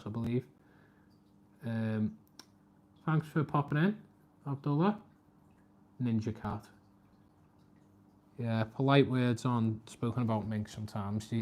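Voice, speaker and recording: A man, chatting casually on a live stream, talking to his cat and reading out viewer comments. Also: a little mellow. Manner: chatty, talks to his cat and viewers, voice jumps high when scolding.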